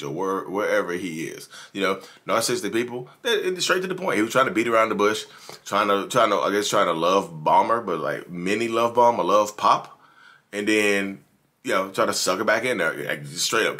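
A man with a fairly low but bright, forceful voice talks straight to his viewers in casual commentary. He is animated and emphatic and often repeats words for weight. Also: normal speed. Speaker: YouTube commentator.

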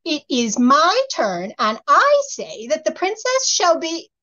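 Snobbish fairy in a snake bonnet, read by a woman: high, spiteful, falsely sweet, storybook, dull recording. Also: very animated, a little slow, a bit bright. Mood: indignant. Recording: slightly muffled recording.

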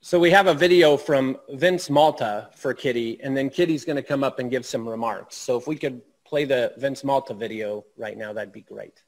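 Man, event emcee on a video call, casual and unhurried; mid pitch. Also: low-quality recording. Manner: unhurried, checking notes aloud.

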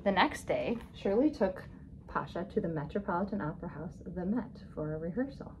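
A woman reading a children's picture book aloud, expressive and stopping to ask her young listeners questions. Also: lowish voice, moderate pace, lo-fi sound, background noise. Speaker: storybook reader.

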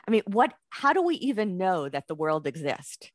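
A woman's voice: medium pitch, very animated, moderate pace, no echo. A woman, giving an academic lecture in a conversational way, thinking aloud with fillers and restarts. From United States.

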